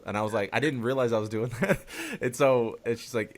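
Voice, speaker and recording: A man's voice: mid-range voice, brisk. A man hosting a podcast, talking casually and loosely, swearing now and then and laughing easily. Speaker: podcast host. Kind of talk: casual interview chat.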